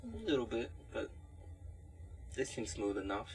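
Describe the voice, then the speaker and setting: A man's voice: mid-range voice, very animated, measured pace, husky, soft background music. A man co-hosting a casual podcast, tossing in slangy, wry one-liners. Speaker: podcast co-host.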